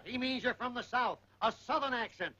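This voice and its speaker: An eager set assistant. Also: male voice, very high voice, sharp tone, full character voice. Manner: helpful, quick corrections. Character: eager young man assistant on a film set. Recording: dull old film soundtrack with music.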